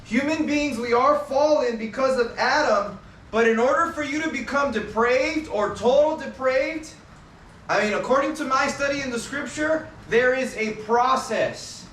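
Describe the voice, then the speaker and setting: A man with a very high voice preaches on the street, reading out verses and leaning hard on the key words. He sounds distant from the mic, with a roomy echo around him. Faint ambient noise sits behind his voice. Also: normal speed, fairly bright tone. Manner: emphatic, stresses key words while reading scripture. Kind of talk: open-air preaching. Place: outdoors.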